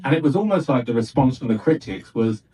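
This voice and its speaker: A man with a mellow, warm tone reflects in measured, thoughtful phrases. His voice sits a little distant from the microphone. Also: medium pitch, lively intonation. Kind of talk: reflective interview commentary.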